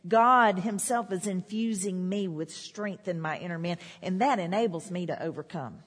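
A woman's voice: fairly low pitch, moderate pace. A woman preaching a sermon, repeating declarations with rising emphasis. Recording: long hall reverb.

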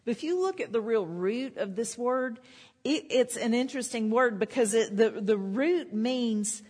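A woman's voice: fairly high pitch, lively intonation, unhurried, darkish tone, breathy edge. A woman preaching a sermon, repeating declarations with rising emphasis. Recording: long hall reverb.

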